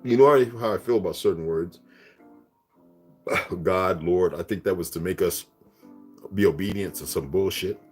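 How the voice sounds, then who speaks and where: A man's voice: sits low, normal speed, pauses often, darkish tone, husky, faint music behind. A man hosting a casual livestream, rambling and profane, laughing often as he talks. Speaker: livestream host.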